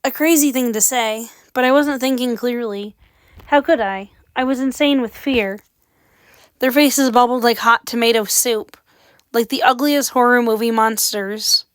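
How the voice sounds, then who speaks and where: A woman's voice: a little high, a little slow, clear, resonant tone, dry recording. A woman reading a horror story aloud with dramatic, suspenseful narration. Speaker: audiobook reader.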